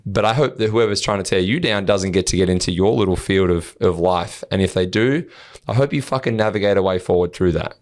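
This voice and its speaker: Deep-voiced man, earnest and blunt. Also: a little fast, a little mellow. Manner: earnest, swears freely, acts out replies to trolls. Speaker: podcast co-host. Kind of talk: casual podcast chat.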